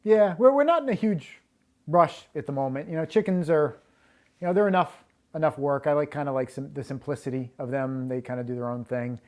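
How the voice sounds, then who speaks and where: A man's voice: medium pitch, steady tone, brisk, darkish tone. A man who is a homesteading guest, explaining his projects in an easygoing, casual interview. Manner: easygoing, explanatory, many fillers.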